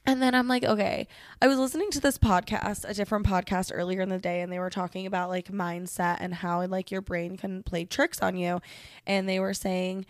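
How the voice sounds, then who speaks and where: A woman's voice: mid-range voice, little pitch movement, fairly quick, no echo, studio quality. A young woman hosting a podcast, venting candidly and casually with frequent swearing and lots of "like". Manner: candid, profane, heavy use of "like". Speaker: podcast host.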